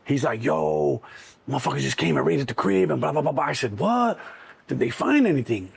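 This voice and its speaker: Gravelly man telling street stories. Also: on the high side, a little fast, no echo. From Chicago. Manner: animated, acts out cops and himself in quotes. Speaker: interview guest. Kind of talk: storytelling in an interview.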